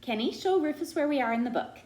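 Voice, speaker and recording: Woman as a coaxing schoolteacher, bright lively pitch, echoey room. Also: fast. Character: grade-school teacher, woman, brisk and kindly. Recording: roomy echo.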